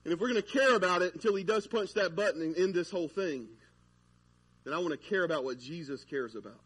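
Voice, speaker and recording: A man's voice: sits high, animated, fast talker, fairly bright tone, breathy edge. A man preaching a sermon in a church, in a casual, conversational way with lots of fillers. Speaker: pastor. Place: church sanctuary.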